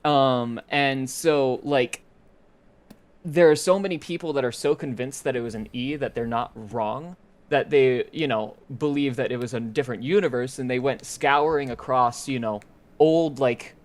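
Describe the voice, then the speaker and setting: A man's voice: medium pitch, moderate pace. A man co-hosting a podcast, rambling casually with lots of fillers. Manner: rambling, uses many fillers. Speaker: podcast co-host. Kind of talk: casual chat.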